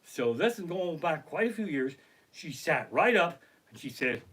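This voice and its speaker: A middle-aged man, a comedian telling profane, animated stories during a live stream from his living room. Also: on the high side, unhurried, breathy edge. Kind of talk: live-streamed comic storytelling. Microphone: basic home streaming setup.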